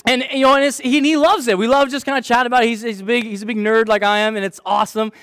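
High-voiced, chatty young pastor. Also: male voice, racing, clean tone, no room sound. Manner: chatty, animated, self-mocking storyteller. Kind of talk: sermon with a personal story.

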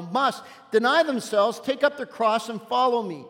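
A pastor preaches with a very high-pitched voice, leaning on key words and tossing in quick casual asides. His words ring out with a long reverb from a large church room. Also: a bit bright. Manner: emphatic and conversational, with punchy asides. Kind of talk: sermon.

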